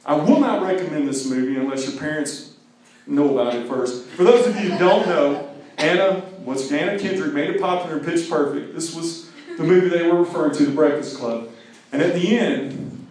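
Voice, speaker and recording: Animated man preaching in an echoey hall. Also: fairly high pitch, normal speed, recorded from a distance. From Mississippi, US. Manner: animated, jokey, acts out movie scenes and sings snatches. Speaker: speaker to a teen group. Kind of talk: lively sermon talk.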